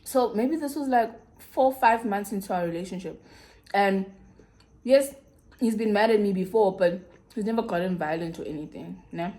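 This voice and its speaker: A young woman with a South African accent, telling a personal story in a casual, animated way with big swings in pitch. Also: normal speed. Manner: animated, dramatic retelling with swooping pitch. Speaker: YouTuber.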